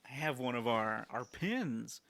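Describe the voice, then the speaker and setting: A man co-hosting a podcast, telling an animated story in a casual chat full of fillers. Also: mid-range voice, a little slow, vocal fry. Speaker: podcast co-host.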